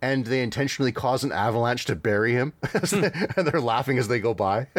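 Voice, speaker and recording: A man hosting a podcast talks through a cartoon episode in a loose, rambling manner, full of fillers and small laughs. His mid-pitched voice is recorded close and dry, with no room sound. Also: expressive, a little fast, no room sound. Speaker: podcast host. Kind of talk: casual podcast chat reviewing cartoons.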